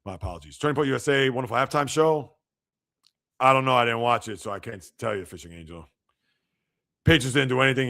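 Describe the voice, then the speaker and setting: A man hosting a live sports podcast, reacting to news and reading out viewer comments in an animated, chatty way. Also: medium pitch, gravelly. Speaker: podcast host.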